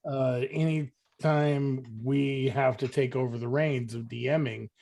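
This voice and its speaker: A man running a tabletop game as game master, halting with many fillers and easily amused. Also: medium pitch, steady tone, vocal fry, a little mellow.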